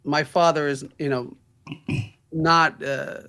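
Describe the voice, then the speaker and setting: A man's voice: on the high side, fairly even intonation, takes it slowly, sharp tone, smooth. A man, a law firm's managing partner, telling stories in a casual interview, laughing through the funny parts.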